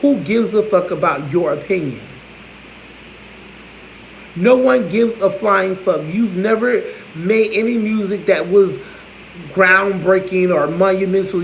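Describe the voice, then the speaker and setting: A man's voice: high voice, unhurried, slight background noise. A man ranting to camera in a profane, sassy, scolding way, in an echoey room. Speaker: vlogger.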